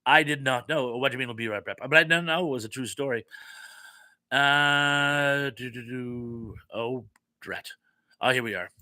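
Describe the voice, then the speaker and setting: A man runs a relaxed live stream, reading out viewer comments and chatting back in a bright, forward voice. He sounds a little flustered now and then. The sound is dry and close to the microphone. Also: medium pitch, fast, no room sound. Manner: chatty, reads comments aloud, easily flustered.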